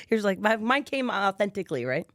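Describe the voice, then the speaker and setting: A woman from Colorado hosting a radio interview, chatty and quick to laugh, filling her talk with "like". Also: medium pitch, big pitch swings, no room sound, studio quality. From Colorado, USA. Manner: chatty, laughs easily, uses "like" a lot. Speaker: radio host. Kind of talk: casual radio interview chat. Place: radio studio.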